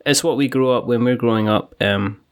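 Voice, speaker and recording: A man's voice: mid-range voice, a little fast, clear, resonant tone. Podcast guy rambling and laughing, just chatting casual. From United Kingdom. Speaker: podcast host.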